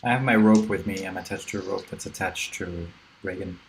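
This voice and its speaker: A man playing a tabletop game in casual chat, quick to laugh. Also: deep voice, vocal fry, poor audio. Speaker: player.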